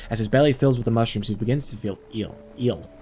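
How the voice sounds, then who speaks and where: A man's voice: mid-range voice, quick pace, a little mellow, faint music behind. A man playing a text game on stream, reading the story aloud and adding wry, chuckling commentary.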